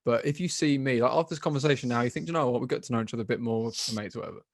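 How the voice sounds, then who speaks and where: A man's voice: medium pitch, very fast, creaky, no echo, studio quality. A man hosting a podcast as an MMA fighter, talking bluntly and swearing freely. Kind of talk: casual podcast chat.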